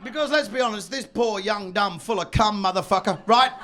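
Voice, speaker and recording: A middle-aged man doing a stand-up comedy set, loud and profane, breaking into shouted high put-on voices. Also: brisk, soft background music.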